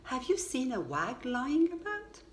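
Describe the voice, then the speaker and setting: A woman doing an excited little toy boy. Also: measured pace, slight background noise, full character voice. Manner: eager, high and excited.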